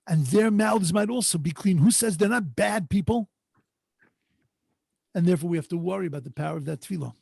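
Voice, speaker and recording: A man teaching a Torah class as a rabbi, his voice gravelly and a little husky, pitched somewhat high. He talks earnestly and stretches his phrases, dropping Hebrew and Yiddish words along the way. The sound is dry and close, as over a video call. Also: a little fast, a little mellow, no echo. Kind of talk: storytelling Torah lesson. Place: home online video call. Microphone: video call microphone.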